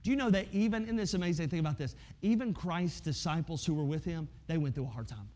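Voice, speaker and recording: Guy preaching a sermon, pretty high voice, talks right to you like a friend, goes quiet and intense on the big points. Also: fast. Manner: conversational preaching, acts out imagined listeners, drops to soft intense tones. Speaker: pastor.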